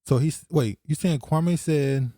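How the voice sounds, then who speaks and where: A man's voice: fairly high pitch, unhurried, dark tone, dry recording, clean studio sound. A man hosting a casual political podcast, reading news aloud and adding his own asides while talking over his co-host.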